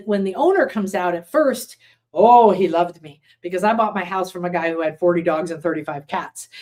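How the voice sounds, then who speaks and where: A woman's voice: medium pitch, a little mellow. A woman hosting a live online class as a spiritual teacher, a chatty, rambling storyteller who reads out and answers viewer comments. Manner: chatty, rambling storyteller with frequent fillers and restarts. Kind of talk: casual live-streamed teaching. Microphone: computer setup with screen sharing.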